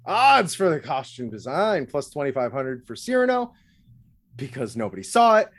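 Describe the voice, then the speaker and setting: Joking man, lively podcast banter. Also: mid-range voice, normal speed. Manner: loose, joking, swearing. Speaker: podcast co-host. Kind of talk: casual chat.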